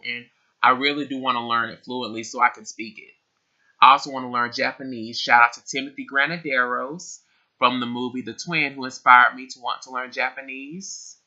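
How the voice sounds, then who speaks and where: Young guy doing a q&a tag vlog at home, bright chatty voice, kinda muffled lo-fi mic. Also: mid-range voice. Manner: chatty, laughs often, repeats himself. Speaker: vlogger. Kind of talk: casual Q&A tag video. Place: his room.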